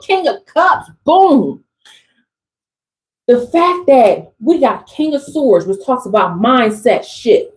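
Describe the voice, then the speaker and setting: A woman doing a channeled tarot reading for her viewers, animated and exclamatory, in casual slangy speech. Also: high voice, low-quality recording. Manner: animated, exclamatory, talks straight to the audience. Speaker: tarot reader.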